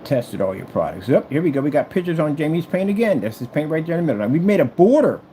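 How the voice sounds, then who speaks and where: Taunting man with a lively voice. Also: fast talker, slight background noise. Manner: taunting and trash-talking, repeats phrases; animated swings between loud and low. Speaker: screen maker showing his product. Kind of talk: boastful product demo vlog.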